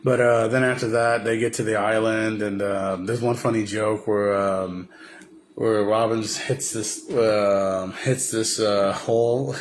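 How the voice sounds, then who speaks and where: A man's voice: lowish voice, fairly even intonation, unhurried, a little hiss or hum. A man casually recapping a film for a video, rambling with lots of fillers and restarts. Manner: rambling, many fillers and restarts, slips into impressions. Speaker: vlogger.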